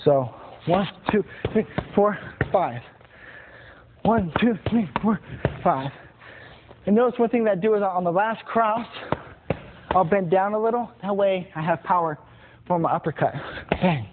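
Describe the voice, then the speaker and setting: Guy walking through boxing combos, kinda high voice, tinny phone-ish sound with noise behind. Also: a little slow, long pauses. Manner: plain, repetitive instruction with punch sounds. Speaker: boxing instructor.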